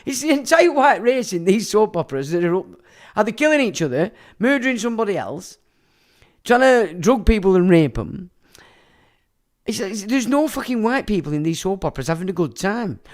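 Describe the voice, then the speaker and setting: This livestream host has a high, sing-song voice and talks at an ordinary pace. Laughing throughout, he goes through viewer comments and launches into crude, heavily profane rants.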